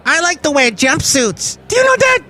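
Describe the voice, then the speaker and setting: A man's voice: big pitch swings, moderate pace, sharp tone, a little hiss or hum, full character voice. A man voicing Bison Bentley, a goofy cartoon character who keeps asking "do you know that?". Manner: very high, repeats "do you know that?".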